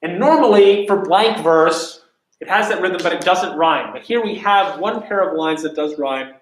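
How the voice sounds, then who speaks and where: Man, teacher, higher voice, explains step by step with fillers, echoey room. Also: normal speed. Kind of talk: explaining and reciting Shakespeare.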